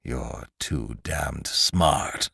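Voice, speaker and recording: A man voicing a hateful, desperate dead man brought back to life, speaking slowly and heavily in a storybook reading. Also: extremely low pitch, gravelly, sharp tone, husky, no room sound, studio quality, voice pushed down, heavily acted. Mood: menacing. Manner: slow, heavy, bitter.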